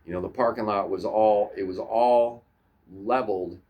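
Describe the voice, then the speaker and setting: A man's voice: on the low side, steady tone, normal speed, lo-fi sound. A man casually telling childhood stories in a rambling, profane way, often repeating and restarting his words. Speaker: storyteller. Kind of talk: casual storytelling to camera.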